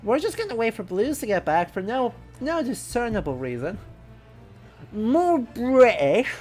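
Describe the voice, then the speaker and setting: A woman's voice: on the high side, big pitch swings, a little fast, darkish tone, faint music behind. Chatty woman streaming a game. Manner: chatty, rambling, self-correcting. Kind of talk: casual gaming stream commentary.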